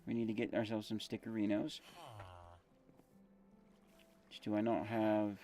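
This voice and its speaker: A man's voice: fairly low pitch, monotone, brisk, mellow, slight background noise. A man casually commentating his game stream, thinking aloud with fillers and self-corrections while chewing gum.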